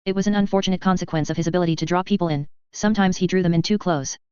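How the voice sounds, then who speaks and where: Woman audiobook narrator, brisk steady read, slightly dull lo-fi audio. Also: on the low side, clear, resonant tone, no room sound. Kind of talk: scripted narration.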